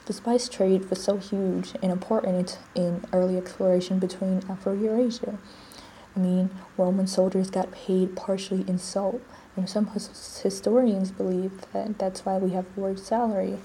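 A woman's voice: medium pitch, flat delivery, moderate pace, mellow, a little hiss or hum, poor audio. A young woman hosting a casual solo podcast, chatty, with frequent restarts and the odd drop to a whisper. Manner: chatty, restarts often, drops to a whisper at times. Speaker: podcast host.

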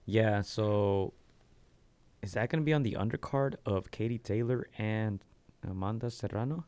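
Male podcast host, lower voice, smooth and easygoing, chatty with filler. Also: a little mellow. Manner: easygoing, fills pauses with um, laughs easily. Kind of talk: casual chat.

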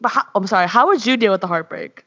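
Young woman podcast co-host, rambly and giggly, average pitch, muffled low-fi sound. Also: lively intonation, fast talker, sharp tone. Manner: giggly, rambling, self-interrupting. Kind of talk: casual chat. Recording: dull lo-fi audio.

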